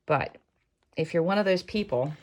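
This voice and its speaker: A woman talks through a sewing project in a loose, chatty way. She drifts into self-mocking asides and silly jokes. Her voice sits a touch low for a woman. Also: expressive, normal speed. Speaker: sewing tutorial host. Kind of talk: casual chatty craft tutorial.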